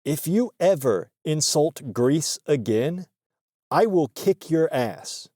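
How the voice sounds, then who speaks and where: A man voicing a strict Greek fast-food manager in his fifties, with a flat, robotic-sounding attempt at a Greek accent and curt, deadpan orders. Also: on the high side, no room sound, studio quality. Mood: threatening. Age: 50s.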